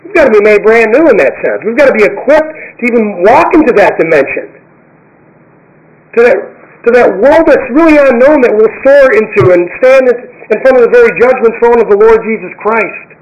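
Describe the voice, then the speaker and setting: A man preaching a sermon, emphatic, repeating key phrases and slowing down to read scripture. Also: extremely high pitch, expressive, highs cut off. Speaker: pastor.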